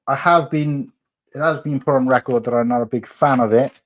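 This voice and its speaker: A man's voice: medium pitch, steady tone, fairly quick, lo-fi sound. A man hosting a casual live stream from home, chatting and reading viewer messages aloud. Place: at home, building on the sofa.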